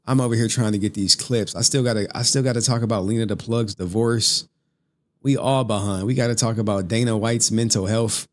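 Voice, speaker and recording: A man's voice: lowish voice, fairly even intonation, fairly quick. A man hosting a live stream, ranting casually with lots of swearing and laughter while he reads chat messages. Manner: profane, laughing, rambling, reads super chats. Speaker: streamer host.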